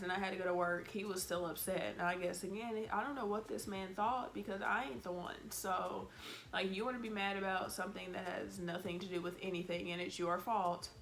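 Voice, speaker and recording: A woman telling a storytime vlog in a blunt, exasperated way, cussing freely and acting out what she said back then. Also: medium pitch. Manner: animated, acts out her own lines. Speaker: vlogger.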